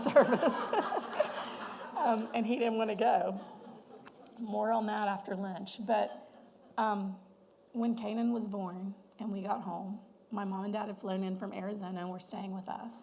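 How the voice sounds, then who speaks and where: Gravelly-voiced woman sharing testimony. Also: mid-range voice, darkish tone, a little hiss or hum, low-quality recording. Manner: earnest, emotional storytelling with light laughs. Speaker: guest speaker at a women's luncheon. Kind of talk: personal testimony talk. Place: church hall.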